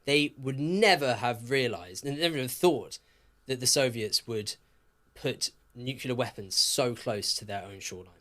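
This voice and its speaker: A man co-hosting a podcast, telling history casually in a jokey, animated way. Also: mid-range voice, measured pace. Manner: lively, jokey, swears, laughs often. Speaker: podcast co-host.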